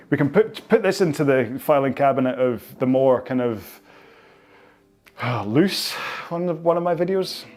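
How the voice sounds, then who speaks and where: A man's voice: mid-range voice, expressive, a little slow, long pauses, darkish tone, faint music behind. A man with a Scottish accent leading a follow-along stretching cooldown, chatting in a rambling, jokey way. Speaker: fitness instructor.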